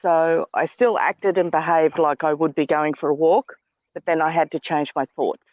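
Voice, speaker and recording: A woman's voice: low voice, steady tone, normal speed, no echo, dull audio. A woman telling a short anecdote in an online class. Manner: chatty, tells a short anecdote. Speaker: class participant.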